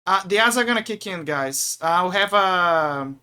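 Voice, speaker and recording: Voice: medium pitch, expressive, unhurried, bright, forceful tone, smooth. A streamer chatting casually to viewers while gaming, often stammering and repeating words as they vent.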